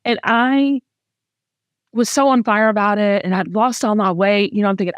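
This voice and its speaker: A woman's voice: medium pitch, moderate pace, dry recording, studio quality. A middle-aged Southern woman hosting a candid, casual talk, speaking with heartfelt emotion and frequent restarts. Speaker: host.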